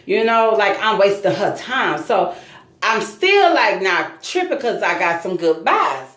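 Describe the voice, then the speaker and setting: A woman vlogger telling a true story to her viewers in a casual, animated, emphatic way. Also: medium pitch, measured pace, reverberant.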